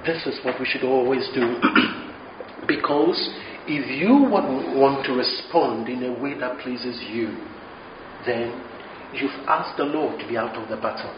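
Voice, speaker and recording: A man's voice: measured pace, distant mic, background noise. Man, impassioned sermon, dull echoey recording. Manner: impassioned, rising high when reading scripture aloud. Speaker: preacher. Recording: echoey room, slightly dull sound.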